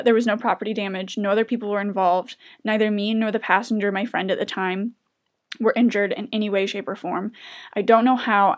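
A young woman speaks straight to camera in a confessional vlog, earnest and halting, her sentences breaking off and starting over. Her voice sits at an ordinary middle pitch for a woman, and the emotion rises close to the surface as she talks. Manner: earnest, halting, with many restarts; openly emotional. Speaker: vlogger. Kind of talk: personal confessional talk to camera.

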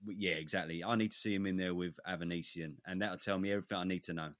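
A man's voice: sits low, fairly even intonation, very fast, a bit bright, no echo, studio quality. A man co-hosting a boxing podcast, steering the topics and stating firm opinions. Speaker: podcast co-host. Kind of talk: casual boxing chat.

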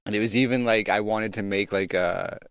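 A man's voice: lowish voice, fairly even intonation, brisk, a bit bright, slight background noise. A man co-hosting a podcast who chats loosely, swears and jokes along. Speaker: podcast co-host. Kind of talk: casual chat.

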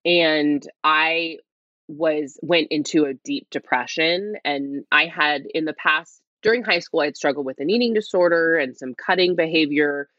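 A woman guest speaking quietly as she tells a candid personal story, rambling with lots of "like" and restarts. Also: low-pitched, normal speed, no echo, lo-fi sound. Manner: rambling, heavy use of "like", restarts. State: speaking quietly, half-whispering. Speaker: interview guest.

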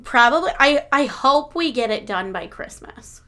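A young adult woman co-hosting a casual podcast chat, rambling with lots of fillers, dropping quiet and then getting loud. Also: high voice, animated, normal speed. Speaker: podcast co-host.

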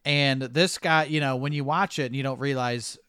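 A man's voice: medium pitch, steady tone, moderate pace, sharp tone, clear, resonant tone, no echo, studio quality. A man co-hosting a podcast, talking casually about a film, hesitant with many ums and restarts. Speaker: podcast co-host. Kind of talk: casual movie discussion.

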